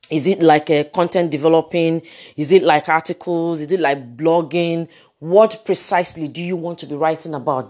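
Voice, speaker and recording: Casting: woman teacher, low-pitched, animated, full of fillers and restarts. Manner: animated, repeats words, many fillers. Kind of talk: lecture on public speaking.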